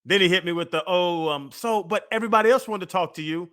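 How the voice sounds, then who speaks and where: A man's voice: high-pitched, fast talker, fairly bright tone. A man co-hosting a sports radio show, telling a story in a laid-back way with casual slang, on a studio microphone. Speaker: radio show co-host, former football player.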